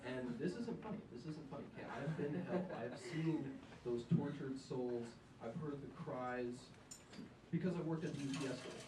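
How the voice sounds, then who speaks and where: A man's voice: medium pitch, normal speed, distant mic. Rambling young man doing stand-up. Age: young adult. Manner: rambling, self-mocking, full of ums. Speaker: stand-up comedian. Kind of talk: live stand-up set. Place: diner in front of an audience. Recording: echoey room, mic from afar, faint noise.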